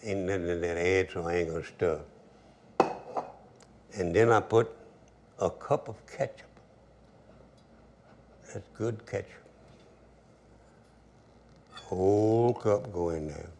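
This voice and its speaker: Give me an older man with a deep gravelly drawl, chatting through a cooking demo. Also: slow, long pauses, slight background noise. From Louisiana. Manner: relaxed drawl, storytelling asides. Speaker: cooking show host. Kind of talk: folksy cooking demonstration.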